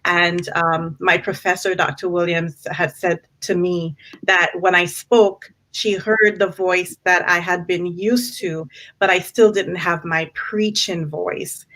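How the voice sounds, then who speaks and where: A woman speaking earnestly on a panel discussion, measured and faith-inflected, with frequent restarts. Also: on the low side, fairly even intonation, a bit bright, poor audio. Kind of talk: reflective panel talk.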